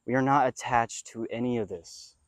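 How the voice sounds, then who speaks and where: A young man rambles on about faith and manifesting, cursing often and swinging between loud, excited bursts and low mutters. His voice sits at an ordinary pitch. The sound is dry and close. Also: moderate pace, no room sound. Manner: profane, excitable, drifts between loud rants and mumbles. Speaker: spiritual vlogger. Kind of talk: casual rambling monologue. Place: outdoors.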